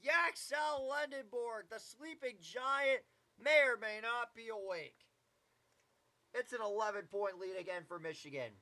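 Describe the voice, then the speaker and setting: A man with a high, bright voice calls a basketball game play by play. He's casual and chatty, dropping side comments and the odd swear between plays. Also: unhurried.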